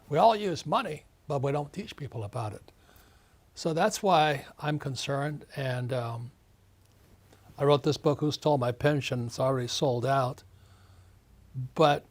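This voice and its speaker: An older man in his seventies with a husky voice speaks as an interview guest. His delivery is emphatic and ranting, and he hammers his points home through repetition. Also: a little high. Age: 70s. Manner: emphatic, ranting, repeats phrases. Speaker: author and investor guest. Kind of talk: casual interview talk.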